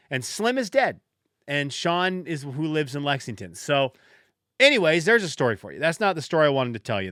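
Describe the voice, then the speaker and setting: In a casual solo podcast monologue, the male host wanders through self-deprecating stories, frequently starting over, speaking close to the mic. His voice is medium-pitched and fairly bright, recorded dry.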